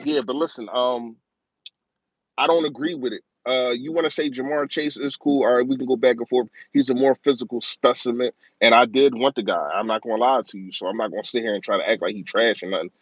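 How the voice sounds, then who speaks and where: On a live-stream football talk show, the male host rants passionately and rapidly about his team, rambling, repeating points for emphasis, and getting emotional. His voice sits at a medium pitch with a steady tone. The lo-fi recording has no room sound.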